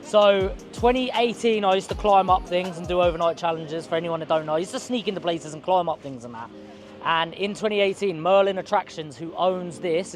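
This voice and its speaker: A man, telling a rambling, slangy story to camera outdoors on a city street. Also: a little high. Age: 20s. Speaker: vlogger.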